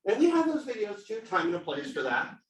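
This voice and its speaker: A middle-aged man giving a casual sales workshop, telling animated stories and acting out what people said. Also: high-pitched, fast. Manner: animated storyteller, acts out quotes. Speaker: title company rep giving a sales seminar. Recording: echoey room, mic at a distance.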